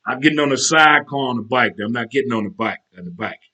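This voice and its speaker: A man hosting his own casual talk show, animated and chatty, breaking into military cadence chants. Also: medium pitch, quick pace. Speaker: show host.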